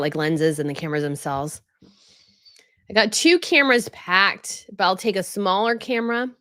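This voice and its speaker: Woman, livestream host, casual chatty rambling, mid pitch, dry close sound. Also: a bit bright, no echo. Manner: chatty, rambling, laughs often. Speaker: royal news channel host. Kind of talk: casual livestream chat reading viewer comments.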